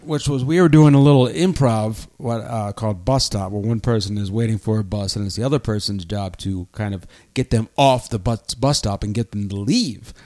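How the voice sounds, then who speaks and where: A middle-aged man, a teacher and podcast co-host, telling stories in an animated, laughing way. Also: fairly low pitch, moderate pace, hardly any pauses. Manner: animated storyteller, laughs often. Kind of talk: casual storytelling chat.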